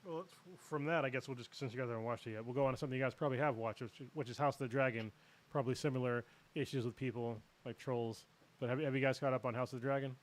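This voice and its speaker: A man's voice: mid-range voice, steady tone, racing. A man hosting a casual livestream chat, joking around and steering the conversation onto new topics.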